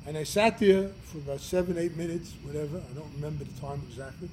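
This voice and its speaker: Rabbi giving a class, slightly high voice, earnest and emphatic, faint noise behind him. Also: male voice, fast talker, poor audio. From United States. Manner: earnest, emphatic, swings from loud to quiet. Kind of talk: storytelling Torah class.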